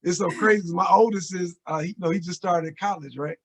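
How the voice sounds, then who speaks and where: A man in his forties co-hosting a relaxed conversation, with a voice pitched notably high for a man. He talks emphatically and confidingly, tossing in quick affirmations. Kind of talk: casual chat.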